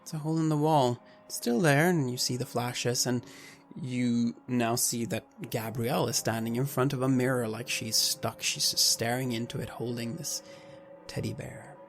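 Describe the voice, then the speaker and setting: Gravelly male game master narrating horror scenes over loud dark music. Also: mid-range voice, fairly even intonation. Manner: measured, describing scenes to players.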